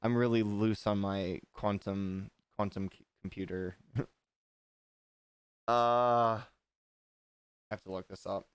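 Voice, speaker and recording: A man's voice: lowish voice, steady tone, takes it slowly, pauses often, smooth, dry recording. A man hosting a livestream, chatting casually, rambling and restarting his sentences, with an occasional swear. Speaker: livestream host.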